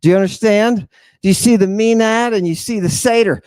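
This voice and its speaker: A man hosts and delivers a theatrical lecture to his audience, stressing and repeating key words while firing off one rhetorical question after another. His voice sits high and moves a little fast, with a darkish, clear, resonant tone and no echo.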